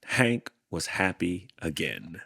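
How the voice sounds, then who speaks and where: A man hosting a show, reading a children's storybook aloud in a deliberate, expressive way. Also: sits low, vocal fry, husky, no room sound, studio quality. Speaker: host reading a children's book.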